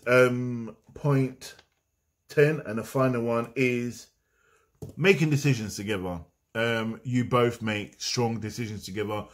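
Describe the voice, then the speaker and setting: A man giving a casual, meandering spiritual talk to camera. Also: mid-range voice. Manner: meandering, conversational, drifting off on tangents. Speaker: spiritual vlogger.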